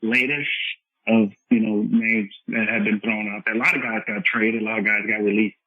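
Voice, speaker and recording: Husky man on a tinny phone line. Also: fairly low pitch, flat delivery, moderate pace, no echo. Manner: earnest, repetitive explaining. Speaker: football coach, guest. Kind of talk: conversational podcast interview.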